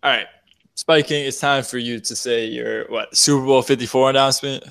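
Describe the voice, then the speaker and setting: Joking podcast host, mid voice. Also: male voice, medium pitch, fairly even intonation, normal speed, creaky, fairly bright tone, clean tone, no echo, clean studio sound. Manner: loose, joking, laughs often. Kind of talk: casual chat.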